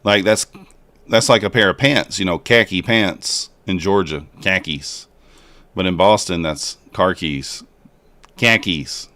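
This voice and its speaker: A man casually commenting live while trading and chatting with viewers in a relaxed, joking way. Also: low-pitched, unhurried, dry recording. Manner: relaxed, chatty, jokes with chat. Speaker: livestream trader.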